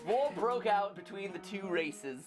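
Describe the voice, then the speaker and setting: A man's voice: high voice, animated, measured pace. A man reading a game's opening story as a theatrical narrator in a put-on British accent. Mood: grandly narrating. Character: grand storybook narrator, male adult. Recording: game stream with music behind.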